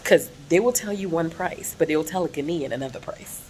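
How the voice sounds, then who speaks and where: A woman's voice: deep voice, a little fast, a little mellow, slight background noise. A woman with an American accent, talking in a casual vlog, voicing emphatic and outspoken complaints. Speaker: vlogger.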